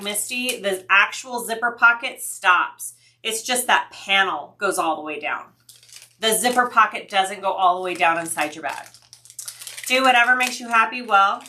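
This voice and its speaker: A woman's voice: mid-range voice, normal speed, pushed and bright. A woman hosting a sewing livestream, chatting casually with viewers, thinking aloud and answering their comments.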